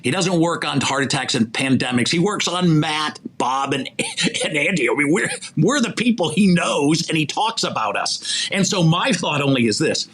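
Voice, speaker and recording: A man, a sports executive recruiter and podcast guest, talking in a preachy, animated way about faith and asking rhetorical questions. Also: on the high side, normal speed. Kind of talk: faith-centered motivational conversation.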